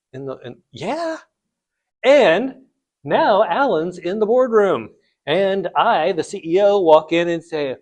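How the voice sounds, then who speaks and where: A man with a fairly high-pitched voice and darkish tone lectures on finance to students. As their instructor, he keeps it conversational, asking rhetorical questions and adding blunt asides.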